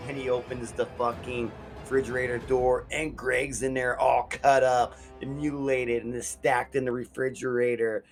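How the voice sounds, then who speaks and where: A man hosting a casual movie review from his basement studio, talking in a loose, excitable, profane way. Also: medium pitch, normal speed, hardly any pauses, faint music behind.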